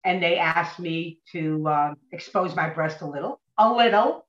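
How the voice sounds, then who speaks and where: A woman actress, a podcast guest, telling stories in an animated way and acting out what people said. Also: low-pitched, unhurried. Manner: animated, acts out quoted voices. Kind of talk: anecdotal podcast storytelling. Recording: dull, roomy recording.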